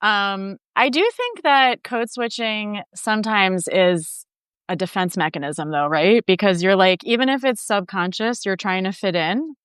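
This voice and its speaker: Smooth-voiced woman hosting a chat. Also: medium pitch, expressive, a little slow, fairly bright tone, no echo, studio quality. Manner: engaged, frequent affirmations and questions. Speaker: host. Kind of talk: casual interview.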